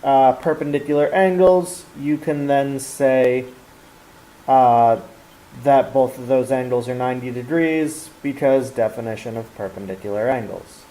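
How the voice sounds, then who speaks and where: A man's voice: medium pitch, unhurried, warm tone, rough recording. A man explaining a geometry lesson step by step, with fillers and restarts. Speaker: math teacher.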